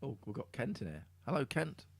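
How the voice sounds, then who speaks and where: A man's voice: mid-range voice, sing-song, a little fast, gravelly, husky, no echo. East midlands guy chatting on his podcast, swears a lot, laughs a lot, dry mic. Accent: East Midlands English. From Middle England. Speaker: podcast host. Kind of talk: casual chat.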